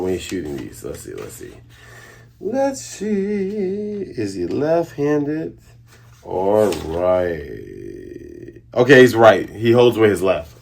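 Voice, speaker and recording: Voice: mid-range voice, creaky, slightly rough. A manga reviewer casually recapping a chapter in a playful way, with sound effects and jokes. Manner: self-interrupting and joking.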